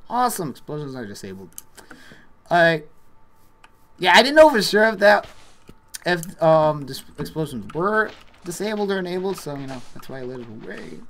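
A man's voice: fairly high pitch, very animated, moderate pace, fairly bright tone. A young man, maybe in his teens, chatting casually and rambling with lots of fillers while he plays a game on a desktop microphone, with keyboard clicks behind him. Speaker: gaming channel host. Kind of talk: casual gameplay commentary. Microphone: desktop USB microphone. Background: keyboard typing and clicks.

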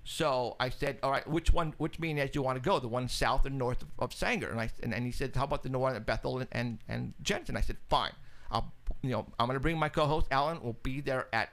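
A radio show host telling an excited, casual story, acting out both sides of a phone call. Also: male voice, medium pitch, quick pace. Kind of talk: casual chat. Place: studio, live stream.

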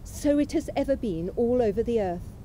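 Her voice fairly high and mellow, a memorial speaker in a college chapel reads from a lecture with lively intonation. The delivery stays unhurried, literary and unshowy, each line given room, on a low-quality recording with a little background noise.

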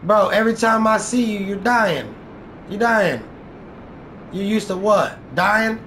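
A man with a high, raised voice trash-talks a rival player over his game commentary, taunting and boastful. He swears constantly and hammers the same jabs over and over. A faint hiss of noise sits under the recording. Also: lively intonation, slow pace, a bit bright. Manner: taunting, boastful, profane, repeats lines for effect. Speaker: gaming YouTuber.

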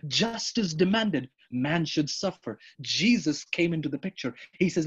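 A man preaching with rising fervor, his voice fairly high for a man and husky at the edges. He repeats key lines and keeps turning to the congregation as friends. The recording is dull and lo-fi. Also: lively intonation, unhurried, few pauses. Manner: fervent, repeats lines, addresses listeners as friends. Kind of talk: sermon.

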